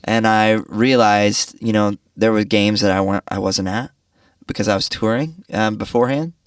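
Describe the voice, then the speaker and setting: A man in his thirties, a podcast guest, talking earnestly in a reflective, halting way with many restarts. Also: lowish voice, steady tone, clean tone, no echo, clean studio sound, recorded from a distance. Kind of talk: reflective casual conversation.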